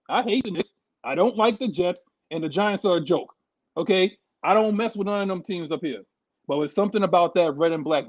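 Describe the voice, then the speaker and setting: A fired-up man from New York sounds off on his team, his voice sitting high for a man. He speaks with heavy emphasis and keeps repeating himself. The recording is dry and a little muffled. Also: no room sound. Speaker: sports show co-host. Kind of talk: heated casual sports talk.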